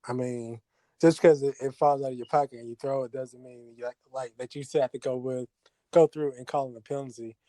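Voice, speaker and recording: A man's voice: medium pitch, fairly even intonation, fairly quick, dark tone, no room sound. A man co-hosting a casual sports talk show, talking in a hesitant way with many restarts. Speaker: podcast co-host.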